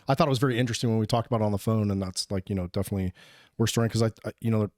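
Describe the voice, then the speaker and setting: A man hosting a podcast, talking quickly and earnestly and affirming his guest. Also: on the low side, a little mellow, no room sound, clean studio sound. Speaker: podcast host. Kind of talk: podcast conversation.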